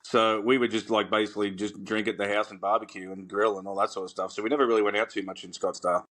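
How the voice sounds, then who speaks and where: A man's voice: on the low side, little pitch movement, fast talker, a bit bright. A man co-hosting a podcast, telling stories in casual chat with emphatic energy. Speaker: podcast co-host, former tour caddie.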